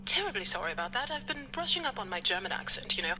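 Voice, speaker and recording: A pompous snobbish doctor. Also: female voice, medium pitch, very animated, fast talker, pushed and bright, a little hiss or hum. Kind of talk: video game voice acting.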